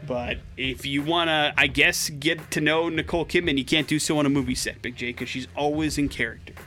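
A man co-hosting a morning radio show, chatting casually and excitably with plenty of fillers. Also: a little high, fairly quick, a little hiss or hum.

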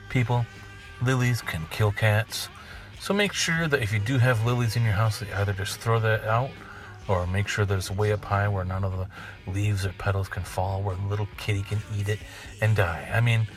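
A man hosting a podcast, rambling through a crude, jokey monologue and swearing freely. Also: lowish voice. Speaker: podcast host.

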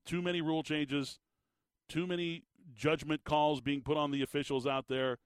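A man hosting sports talk radio, animated and emphatic, often repeating his words as he gets worked up. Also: a little high, normal speed, clear, resonant tone, no room sound. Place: radio studio. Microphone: studio microphone.

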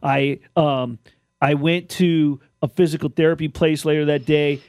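A man's voice: fairly high pitch, fairly even intonation, a little slow, a little mellow, dry recording, studio quality. A man in his fifties telling a rambling story with many restarts, co-hosting a casual radio show. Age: 50s. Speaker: radio co-host. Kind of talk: casual chat.

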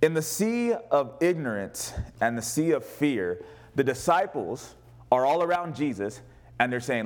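A man preaching a sermon as pastor, animated, acting out the voices of the people in his stories. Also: medium pitch, measured pace. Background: congregation responding.

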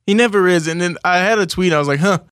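A man co-hosting a sports talk radio show, chiming in with quick, wry remarks. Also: high-pitched, a bit bright, no room sound, studio quality. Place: radio studio.

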